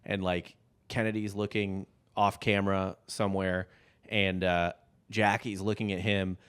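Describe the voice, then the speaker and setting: A man's voice: low-pitched, little pitch movement, measured pace, fairly bright tone, clear, resonant tone. A man co-hosting a history podcast, telling the story in a loose, rambling way with lots of fillers. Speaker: podcast co-host. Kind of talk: casual history podcast chat.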